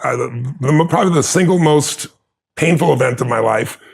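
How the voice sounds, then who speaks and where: A man's voice: mid-range voice, moderate pace, gravelly, husky. A man telling his life story in an earnest, emphatic motivational way.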